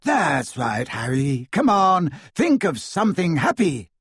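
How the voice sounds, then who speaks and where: Dreamy teen girl in an audiobook, soft and soothing, read by a man; slightly husky, dry close sound. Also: a little high, huge pitch swings, dry recording, exaggerated voice. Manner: soft, soothing, slow at times. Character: dreamy calm teenage girl, gently encouraging. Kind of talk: audiobook character voice.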